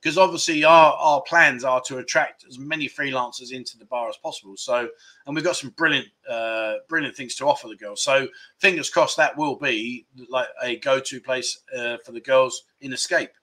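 A man's voice: medium pitch, moderate pace, bright, forceful tone. A middle-aged man, hosting a casual livestream, telling jokey stories and reading out viewer comments. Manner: chatty, jokey storyteller, laughs often. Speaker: livestream host.

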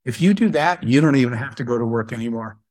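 A middle-aged man, an entrepreneur guest, telling a story in a lively way and acting out the quoted dialogue. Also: medium pitch, fast, no room sound. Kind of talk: storytelling in a live Q&A.

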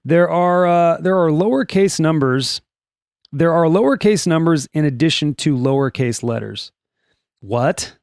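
A man's voice: a little high, lively intonation, normal speed, creaky, darkish tone, clean tone, dry recording, clean studio sound. A man hosting a casual daily podcast from a room at home, reading items and rambling through wry asides while stumbling over names. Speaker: podcast host.

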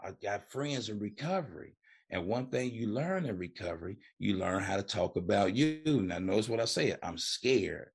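A recovery coach in middle age, appearing on a podcast, shares his story in a sing-song, fairly low voice that's husky with vocal fry, at normal speed. He's casual and colloquial, performing the voices he quotes and peppering his talk with "man" and "you know."

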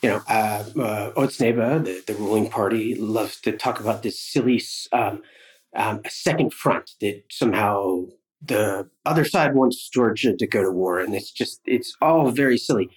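A man as a podcast guest, talking in a thoughtful, measured way in casual conversation. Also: on the low side, poor audio.

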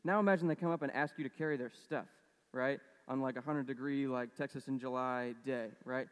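A man's voice: mid-range voice, fairly even intonation, brisk, clean tone, in a large hall. A man preaching a casual sermon, conversational and storytelling, with lots of fillers. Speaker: pastor.

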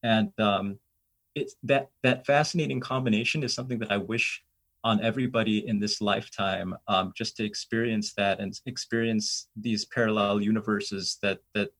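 Here a middle-aged man from the US, on as a guest, recounts his travels at a normal speed in a voice on the low side. He rambles casually and animatedly, with plenty of fillers and restarts along the way.

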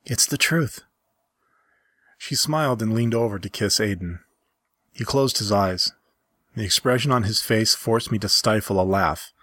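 A man reading a story aloud in a calm, measured way. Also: on the low side, dry recording. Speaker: story reader.

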